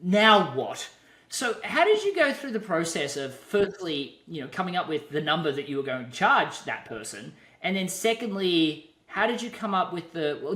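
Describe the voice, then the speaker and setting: A man's voice: fairly high pitch, bright, forceful tone. Roomy-sounding man hosting an interview. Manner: reflective, halting, with restarts. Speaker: podcast host. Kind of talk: casual interview chat. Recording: roomy echo.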